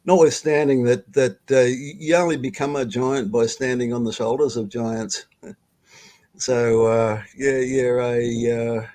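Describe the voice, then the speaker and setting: A man's voice: medium pitch, steady tone, darkish tone. Rambling Australian man telling a story. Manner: rambling, halting, swears freely, laughs often. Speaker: guest storyteller. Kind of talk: casual storytelling on a live stream. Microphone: video call.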